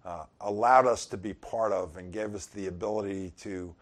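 A man's voice: lowish voice, normal speed. A middle-aged man giving an informal sermon, conversational with chuckling asides. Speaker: pastor.

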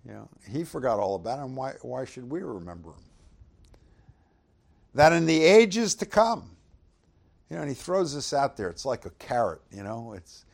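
A man preaching a conversational sermon, reading scripture aloud with loud swells and asking the audience rhetorical questions. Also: medium pitch, lively intonation, fairly quick, creaky, slightly rough. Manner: loud dramatic swells when reading verses.

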